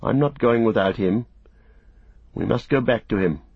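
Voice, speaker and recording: A man voicing an earnest young male hobbit who coaxes and pleads with quiet urgency, for an audiobook. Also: mid-range voice, moderate pace, gravelly, husky, no echo. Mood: coaxing. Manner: pleading, coaxing. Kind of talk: audiobook character voice. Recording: dull, muffled recording.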